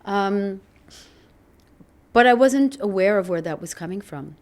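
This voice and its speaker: A woman's voice: medium pitch, animated, a little slow. A middle-aged woman talking candidly as a podcast guest, earnest and reflective, laughing often.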